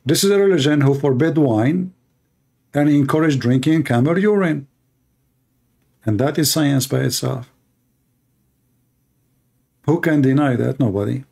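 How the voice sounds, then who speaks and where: A man's voice: mid-range voice, measured pace, gravelly, long pauses, darkish tone, slightly rough. A man answering viewer questions in a casual monologue, sarcastic and mocking, speaking English with non-native grammar. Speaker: online commentator answering questions.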